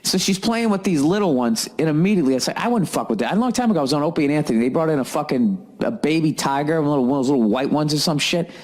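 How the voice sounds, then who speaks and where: A man ranting as a comedian and podcast host, telling a story in an animated, profanity-heavy way. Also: on the high side, fast, few pauses.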